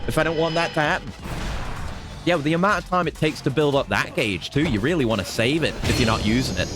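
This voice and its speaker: A man's voice: fairly high pitch, fast, over music. A man giving casual, joking commentary while he streams himself playing a video game. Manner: excitable, joking. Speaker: gaming streamer. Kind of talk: casual let's play commentary.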